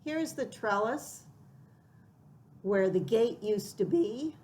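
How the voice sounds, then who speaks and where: A middle-aged woman telling a personal story in an unhurried, reflective way, acting out quoted lines with animated lift. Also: medium pitch, a little hiss or hum, rough recording.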